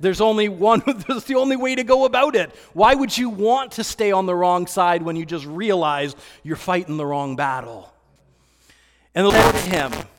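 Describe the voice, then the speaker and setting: Male pastor with a high voice, preaching a loose storytelling sermon in a church hall with a long echo. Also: unhurried. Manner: relaxed, storytelling, with fillers and restarts. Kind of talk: conversational sermon.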